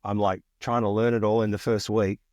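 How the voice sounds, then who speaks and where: An Australian man in his forties telling stories from his career in a lively, chatty way, acting out the people he quotes. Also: lowish voice, fairly quick, no echo, studio quality. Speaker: guest. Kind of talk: casual storytelling interview.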